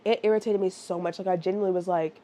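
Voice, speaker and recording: Chatty woman with a mellow voice. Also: on the low side, racing. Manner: animated, rambling, lots of "like" and "right?". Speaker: book reviewer. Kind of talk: casual chatty book review.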